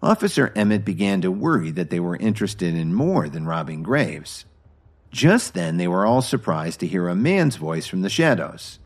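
A man narrating a story in scripted, animated style. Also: low-pitched, normal speed. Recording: faint background music.

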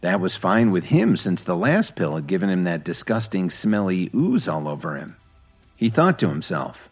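A man reading a story aloud in scripted narration, steady and even. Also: deep voice, moderate pace, gravelly, slightly rough, faint music behind.

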